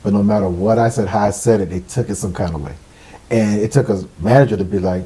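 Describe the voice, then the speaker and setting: Fast-talking man with a dark voice. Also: fairly low pitch, poor audio. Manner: blunt, animated storytelling with quoted dialogue. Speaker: podcast co-host. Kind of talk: casual chat.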